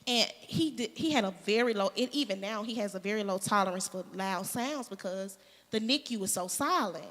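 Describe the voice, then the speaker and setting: Bright animated woman, echoey hall. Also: medium pitch, fairly quick. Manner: animated, laughing storyteller. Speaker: panel guest. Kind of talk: candid casual chat.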